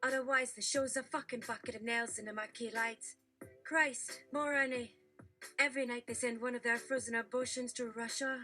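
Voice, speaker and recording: A woman voicing a male comedian who pitches his act in a boastful, brash manner. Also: bright, forceful tone.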